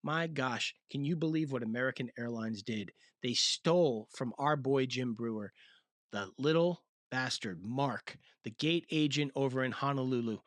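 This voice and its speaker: A man's voice: mid-range voice, moderate pace, few pauses, a bit bright, no echo, clean studio sound. A male host giving casual, slangy commentary in a chatty, hyped-up manner.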